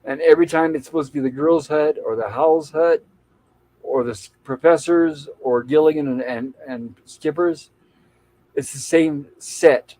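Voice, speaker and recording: A man with a mellow, dark voice walks through a TV episode scene by scene in casual chat. He talks steadily and drops the characters' lines in without changing his voice. The sound is dry and close. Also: a little high, a little slow, no echo, poor audio. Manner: retells scenes at length, quoting lines in plain voice. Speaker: podcast co-host recapping episodes.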